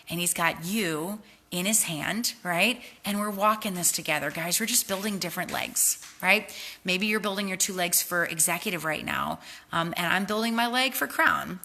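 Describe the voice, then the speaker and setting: A woman with a bright, forceful tone sitting a little low in pitch hosts a motivational livestream. She sounds worn out from lack of sleep yet keeps talking in an earnest, heartfelt way, urging her team on with faith-filled encouragement. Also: creaky. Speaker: host, network marketing team leader.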